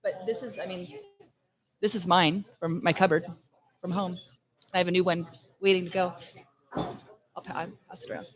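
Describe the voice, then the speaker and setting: A woman's voice: lowish voice, fairly even intonation, normal speed, pauses often. A woman chatting agreeably in a casual way. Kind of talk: casual chat.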